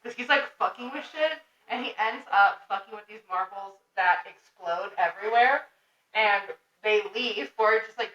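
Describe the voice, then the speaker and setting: A young woman co-hosting a podcast, recapping a comic in animated, casual talk, laughing and swearing freely. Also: mid-range voice, normal speed. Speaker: podcast co-host. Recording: roomy, distant, dull lo-fi sound.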